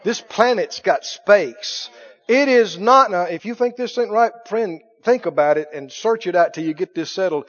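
A man preaching a sermon in a folksy way, dropping to hushed lines and rising to loud exclamations. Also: sits high, moderate pace. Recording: dull lo-fi sermon recording.

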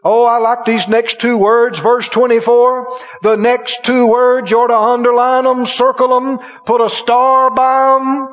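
High-voiced exuberant man preaching. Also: level tone, unhurried. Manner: exuberant, bursts into shouted exclamations. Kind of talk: sermon. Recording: dull lo-fi sound.

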